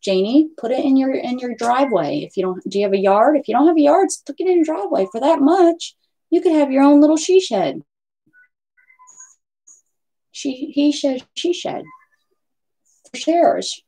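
A woman's voice: high-pitched, animated, normal speed, mellow, husky. Chatty lady hosting a craft stream at home, huskyish, voice bouncing all over. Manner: chatty, rambling, talks to pets and viewers. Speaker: craft livestream host. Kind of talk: casual live chat with viewers.

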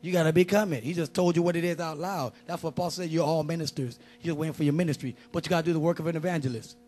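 A man preaching a lively sermon in a joking, conversational street style. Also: on the high side, rapid-fire.

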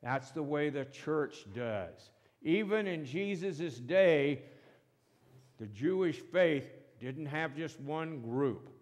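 Slow, emphatic male pastor preaching. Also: fairly high pitch, animated, a little mellow. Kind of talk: sermon. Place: church sanctuary. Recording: long reverb of a church hall.

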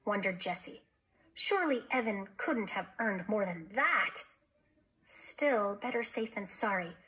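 A woman teacher reading a children's novel aloud in an expressive storytelling manner. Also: mid-range voice, unhurried, low-quality recording.

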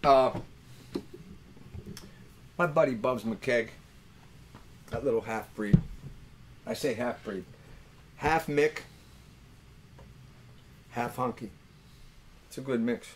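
A man's voice: medium pitch, slow pace, long pauses, a little hiss or hum. An older man, a musician hosting a webcast, telling rambling, joking, earthy stories between songs. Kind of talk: casual storytelling between songs.

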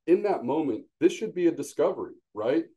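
A man's voice: a little high, sing-song, brisk, dull audio. A man, a sales manager talking bluntly and animatedly as a podcast guest, acting out quotes as he tells stories. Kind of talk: casual podcast conversation.

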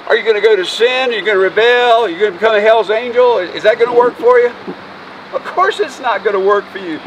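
Quick-paced and high-voiced, a pastor gives a folksy, emotional Easter sermon outside by a road, trading jokes with his congregation. The audio is dull, from a distant mic with faint noise.

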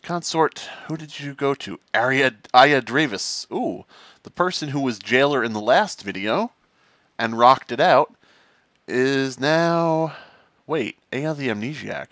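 A man commentating a game in a loose, jokey way, thinking aloud as he goes. His pitch sits in the middle but swings widely. The recording is dry and close. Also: expressive, slow, a bit bright, dry recording. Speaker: gaming commentator. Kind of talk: casual let's-play commentary.

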